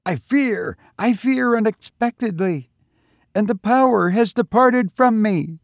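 A man voicing a terrified male pilgrim who pleads in a high, strained, panicked voice. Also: animated, a little slow, creaky, no echo, studio quality, full character voice.

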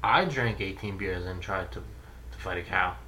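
A man's voice: deep voice, unhurried, sharp tone, a little hiss or hum. A man co-hosting a podcast, chatting casually and joking with friends. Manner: joking, laughs often. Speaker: podcast co-host. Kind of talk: casual chat. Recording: echoey room.

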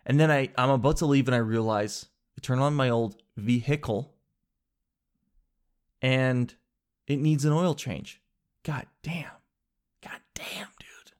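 Slangy, animated man telling a rant. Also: unhurried, long pauses, clear, resonant tone. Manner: animated, exaggerated, swings to high emphasis; slangy, says dude often. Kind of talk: casual comic storytelling.

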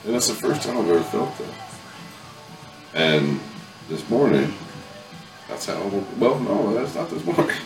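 A man's voice: on the low side, big pitch swings, measured pace, vocal fry, long pauses, far from the mic. A man hosting a casual chat, telling a rambling, profane story with bursts of laughter. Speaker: podcast host. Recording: echoey room, mic from afar, music behind.

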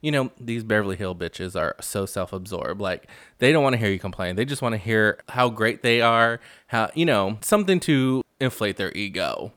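A man's voice: lowish voice, lively intonation, normal speed, few pauses, fairly bright tone, no room sound, clean studio sound. Chatty man with sassy asides. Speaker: podcast host. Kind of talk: casual gossip recap.

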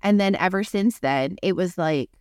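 A woman's voice: lowish voice, moderate pace, a little mellow, clean tone, no room sound, clean studio sound. A woman hosting a podcast, telling a personal story in a casual, chatty way, full of "like". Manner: chatty, heavy use of "like". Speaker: podcast host.

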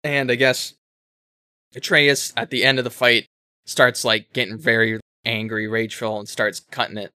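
Brief: man, casual co-host, bright forceful voice, rambling excited retelling, dry sound. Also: mid-range voice, normal speed, clean tone, no echo. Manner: rambling, animated retelling with self-corrections and swearing. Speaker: podcast co-host explaining a game. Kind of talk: casual chat.

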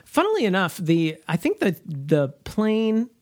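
Dry-witted woman with a lively pitch. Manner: dry, quick-witted, deadpan jokes. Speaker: podcast co-host. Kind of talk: casual comedic movie chat.

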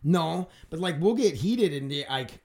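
A man's voice: a little high, expressive, normal speed, a little mellow. Blunt, crude joking man. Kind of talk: casual chat.

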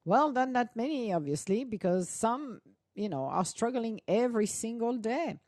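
A woman hosting a casual audio chat, animated and laughing often, restarting her sentences as she talks. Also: fairly high pitch, normal speed, no echo, clean studio sound. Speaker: host of an audio chat room.

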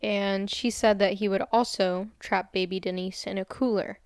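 A woman's voice: mid-range voice, normal speed, clean tone, no echo, clean studio sound. A young woman co-hosting a casual true crime podcast, walking through the case step by step with easy fillers. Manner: relaxed, tells the case step by step with filler words. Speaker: podcast co-host. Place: room with window open.

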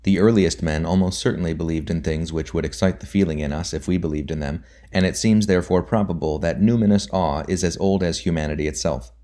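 Very deep-voiced male audiobook reader. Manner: measured, deliberate reading that drops softly on quote markers. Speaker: audiobook narrator. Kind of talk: scripted reading of a nonfiction book.

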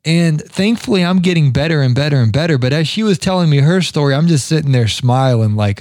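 A man with a fairly high voice talks off the cuff as a podcast host, rambling between stories with plenty of "uh" and "you know". The recording is dry and close, with no room sound. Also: lively intonation, a little fast, few pauses, darkish tone, no room sound. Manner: chatty, rambling storyteller with many fillers. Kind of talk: casual spoken monologue. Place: lives in Georgia.

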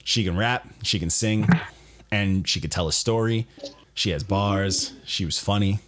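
A man's voice: fairly low pitch, a little slow, a bit bright, a little hiss or hum. A man co-hosting a podcast in casual banter with friends, laid-back and joking, often repeating his own lines for a laugh. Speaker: podcast co-host.

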